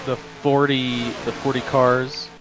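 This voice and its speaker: A man's voice: mid-range voice, flat delivery, takes it slowly, music in the background, rough recording. A man co-commentating a live sim race from the booth, folksy and upbeat.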